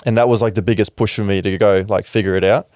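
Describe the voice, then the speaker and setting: A young man with an Australian accent talks as a podcast guest in a frank, reflective way, swearing casually and using lots of fillers. His voice sits fairly low, and the room sound is dry and close. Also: steady tone, fast talker, a little mellow, no echo. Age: young adult. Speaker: podcast guest, former rugby league player. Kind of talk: candid interview talk.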